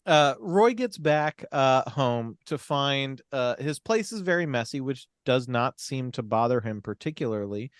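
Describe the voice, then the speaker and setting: A man's voice: medium pitch, animated, a little slow, few pauses, no echo, clean studio sound. A man co-hosting a casual film podcast, talking emphatically with swearing and laughs while recapping a plot. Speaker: podcast co-host.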